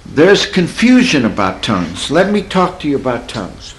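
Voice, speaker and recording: A man preaching a sermon in a folksy, conversational way, slowing down to stress points and chuckling at his own stories. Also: sing-song, slight background noise, rough recording. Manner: drawls and slows for emphasis, swoops in pitch. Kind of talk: sermon teaching.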